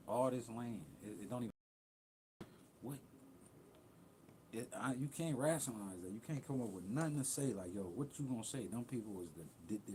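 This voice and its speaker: A man's voice: mid-range voice, darkish tone, a little hiss or hum. A young man talking bluntly and profanely in a rambling livestream rant, jumping between thoughts. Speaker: livestream host.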